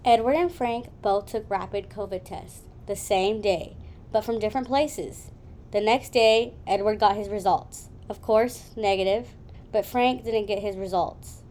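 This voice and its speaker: A woman's voice: mid-range voice, measured pace, a little mellow, slight background noise. A young woman narrating a friend's travel story in a wry, teasing way. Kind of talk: scripted narration.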